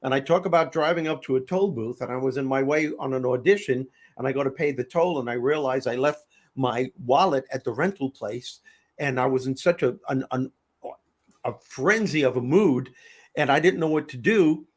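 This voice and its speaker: A middle-aged man with a New York accent hosting a casual panel chat, telling animated stories in bursts with many restarts. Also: mid-range voice, moderate pace. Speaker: host.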